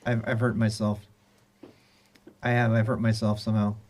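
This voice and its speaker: A man's voice: lowish voice, level tone, moderate pace, darkish tone. A man casually teaching terminal commands on a live stream, rambling and restarting his sentences. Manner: rambling, restarts often, chuckles between points.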